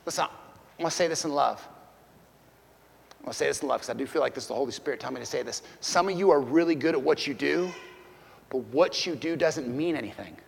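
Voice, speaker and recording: A man's voice: a little high, fast talker, vocal fry, big-room sound, a little hiss or hum. A man preaching a sermon as pastor, talking conversationally and putting questions to his congregation.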